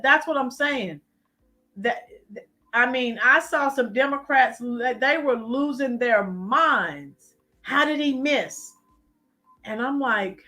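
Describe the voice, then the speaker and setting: A woman's voice: high voice, bright, forceful tone. A woman hosting a live-stream, giving emphatic political commentary and talking to chat viewers by name. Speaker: channel host.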